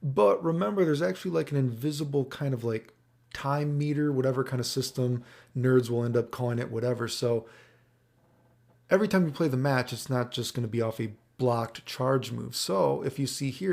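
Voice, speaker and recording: A man rambles through casual commentary on gameplay clips, with a mellow, gravelly tone. He swears freely and keeps checking whether the listener follows. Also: medium pitch. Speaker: fighting game commentator.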